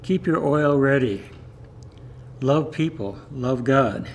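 A man as pastor giving a sermon in calm, gentle short phrases. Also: mid-range voice, slow pace, a little hiss or hum.

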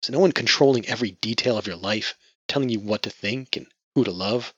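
A man's voice: fairly low pitch, fairly quick, breathy edge, no room sound. A man voicing a grieving young woman who is bitter and defiant, speaking in a raised, tearful voice on a dull lo-fi recording. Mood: anguished. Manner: emotional, raised voice near tears. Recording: dull lo-fi audio.

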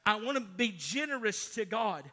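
Preaching at a moderate pace, this middle-aged pastor has a high-sitting, animated male voice. His sermon swings from forceful, loud declarations to quiet passages of storytelling.

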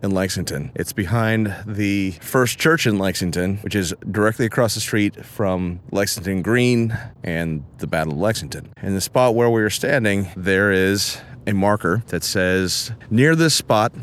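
A man's voice: on the low side, unhurried, a little hiss or hum. A man hosting a podcast, narrating an on-location travelogue outdoors at historic sites and reading monument inscriptions aloud with relish. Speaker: podcast host.

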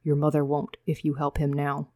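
A woman voicing a calm male mentor who speaks in a hushed, firm way in a storybook reading. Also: low-pitched, moderate pace, no room sound, clean studio sound, lightly acted.

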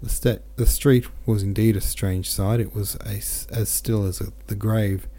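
Low, dark-voiced male narrator. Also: measured pace. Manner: steady, with occasional self-corrections. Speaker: podcast host. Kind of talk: audiobook narration.

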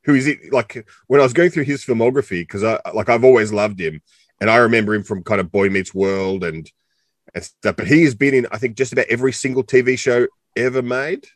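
Australian male co-host, middle pitch, rambling joker, bone-dry close recording. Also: a little fast, dry recording. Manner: chatty and joking, rambling with many fillers. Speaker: co-host interviewer. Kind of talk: casual interview chat.

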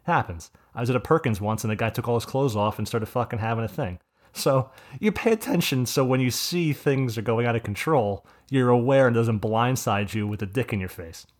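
A man's voice: mid-range voice, brisk. A man, co-hosting a podcast and telling stories in a rambling, profane, casual way. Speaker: podcast host. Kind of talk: casual chat.

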